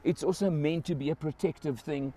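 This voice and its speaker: A man's voice: on the high side, fairly even intonation, a little fast, dark tone. A South African man giving an enthusiastic, casual walkaround car review outdoors beside a car, pointing out features as he goes.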